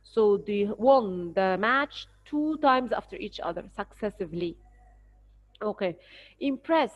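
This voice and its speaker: A woman's voice: mid-range voice, animated, a little slow. An Egyptian-accented woman teaching English vocabulary, explaining words patiently and spelling them out letter by letter. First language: Arabic. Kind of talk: recorded spelling lesson. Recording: dull lo-fi recording.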